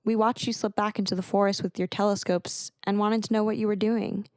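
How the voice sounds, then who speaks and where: A woman's voice: medium pitch, little pitch movement, brisk, smooth, no room sound, studio quality, close to an everyday voice. Woman voicing a nervous rambling teen girl. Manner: stammering, talks on when nervous.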